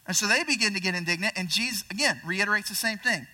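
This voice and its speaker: A young male pastor preaches casually, with a high, very bright and forceful voice. He reads scripture and then explains it plainly, sometimes putting on voices for people in the story. He sounds a little distant from the mic. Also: fast. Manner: conversational preaching, acts out voices of disciples. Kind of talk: sermon.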